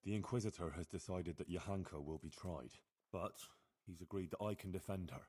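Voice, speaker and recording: A determined, loyal young hero from a video game,. He speaks plainly and directly with a low, husky voice. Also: brisk, a little mellow.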